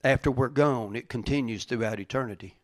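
A middle-aged male pastor preaching a sermon, dropping to quiet, hushed lines and then rising to loud, fervent preaching. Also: medium pitch, brisk, no echo, clean studio sound.

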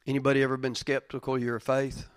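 A middle-aged male pastor preaching a sermon, dropping to quiet, hushed lines and then rising to loud, fervent preaching. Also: medium pitch, completely flat delivery, quick pace, clean tone, no room sound, clean studio sound.

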